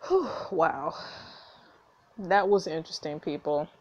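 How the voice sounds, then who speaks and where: A woman hosting a story game playthrough, reading the text aloud and reacting with animated, outraged asides. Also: deep voice, slow pace, dull audio. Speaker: gameplay host.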